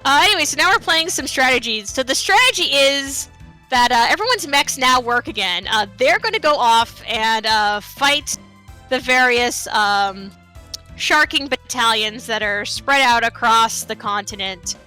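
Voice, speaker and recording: Chatty bright-voiced woman speedrunner. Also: on the high side, animated, measured pace, faint music behind. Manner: chatty, filler-heavy, playful. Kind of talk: casual live game commentary.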